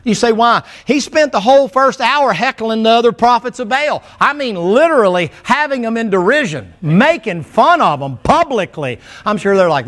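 A man preaching a sermon, telling Bible stories in a folksy, animated way and acting out the characters' words. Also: extremely high pitch, moderate pace, few pauses. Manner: folksy, animated storytelling with acted quotes.

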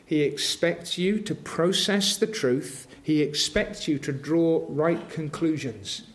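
A man delivers a sermon in a voice pitched notably high for a man. He speaks slowly and deliberately, in an earnest tone that swells into emphatic intensity as he presses his point. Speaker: preacher.

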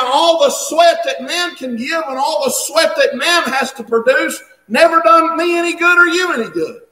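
A male preacher, delivering an impassioned sermon that swells into shouts, recorded in a church. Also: extremely high pitch. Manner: impassioned, rising to shouts, dialect grammar. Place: church sanctuary. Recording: echoey long-reverb church hall.

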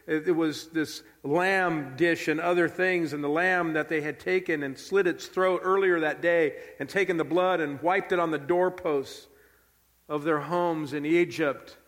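A man preaches in an earnest, emphatic way, repeating his key lines for weight. His voice sits a little high for a man. A long reverb trails behind each phrase, as in a large hall. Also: fairly even intonation, unhurried, a bit bright. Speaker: pastor. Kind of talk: sermon.

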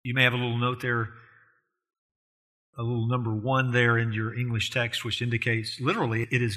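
Earnest bright-voiced preacher man. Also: mid-range voice, level tone, brisk. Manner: earnest, with rhetorical questions to the congregation; emphatic, rising in force on key points. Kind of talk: expository sermon.

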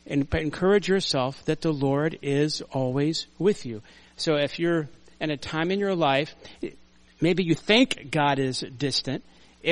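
An older man preaches to his congregation in a relaxed, storytelling way. His voice sits a touch higher than most men's, and he slides between soft, almost muttered asides and sudden loud, emphatic bursts. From United States. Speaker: pastor. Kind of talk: conversational sermon. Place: church sanctuary.

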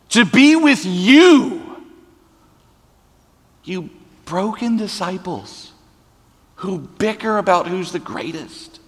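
Preacher doing a scared pleading guy, voice climbs high, long hall echo. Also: pushed and bright, exaggerated voice. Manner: pleading, emotional. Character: anguished man pleading with his friends.

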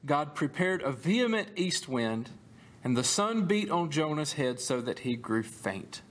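A male pastor delivers a sermon in a conversational, storytelling way, adding lively, humorous asides. His voice sits a little high for a man, and his delivery swings between lively retelling and slower, more emphatic moments.

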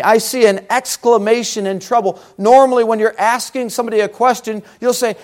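High-voiced preaching man. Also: fairly quick, hardly any pauses. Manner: animated preaching, talks with the congregation. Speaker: pastor. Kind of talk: sermon.

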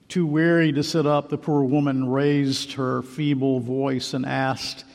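Male preacher, earnest sermon delivery, gravelly, long reverb. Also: medium pitch, flat delivery, a little slow, few pauses, darkish tone. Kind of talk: sermon with story narration.

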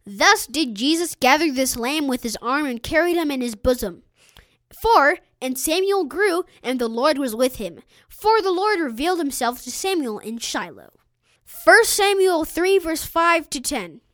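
A woman reading a sermon aloud for an audiobook in an earnest, measured way. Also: high-pitched, lively intonation, a bit bright, dry recording. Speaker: audiobook reader.

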